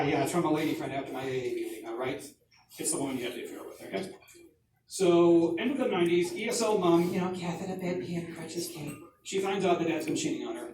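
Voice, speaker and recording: A man in his forties doing stand-up comedy in a rambling, self-mocking, conversational way. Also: a little high. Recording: echoey distant mic, background noise.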